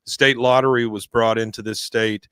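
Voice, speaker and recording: Guy on a podcast, blunt opinions, middle pitch, dry close mic. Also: flat delivery, normal speed, fairly bright tone, clear, resonant tone, no echo. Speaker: podcast co-host. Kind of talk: casual chat recapping a cartoon episode.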